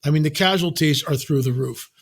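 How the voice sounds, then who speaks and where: An older man speaking as a podcast guest, telling stories in an emphatic, animated way with sudden exclamations. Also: on the high side, fairly quick. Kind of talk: casual podcast conversation.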